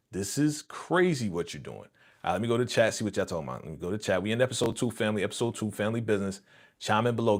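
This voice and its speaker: A man hosting a live reaction stream, chatting casually in slang and laughing often. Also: mid-range voice. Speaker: streamer host.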